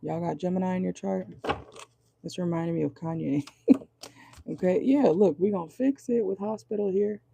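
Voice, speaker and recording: Gravelly, hoarse-voiced woman tarot reader. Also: fairly low pitch, moderate pace, long pauses, mellow. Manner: chatty, frequent "okay?" check-ins, swears casually. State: voice going hoarse. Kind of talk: casual tarot reading monologue.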